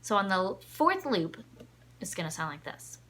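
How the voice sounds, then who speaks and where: A woman's voice: mid-range voice, sing-song, moderate pace, over loud music. A woman teaching a ukulele lesson, patiently counting the beats aloud. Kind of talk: music lesson. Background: ukulele playing.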